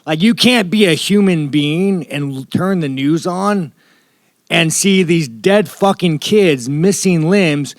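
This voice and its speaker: A man's voice: on the high side, slow pace, no echo, clean studio sound. A man from the United States, a professional fighter at a press scrum, talking in a blunt, rambling, profane way. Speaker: professional fighter at media day.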